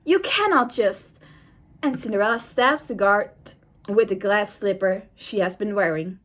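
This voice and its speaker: A woman's voice: medium pitch, moderate pace, fairly bright tone. A young woman and YouTuber reading an AI-written story aloud in a casual, amused way.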